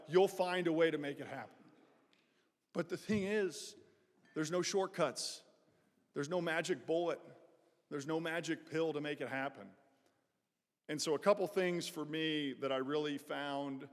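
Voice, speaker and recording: Man giving a motivational talk in a chapel. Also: a little high. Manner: casual, direct, joking with the audience. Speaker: guest speaker, former pro football player. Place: large college chapel. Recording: echoey chapel hall reverb.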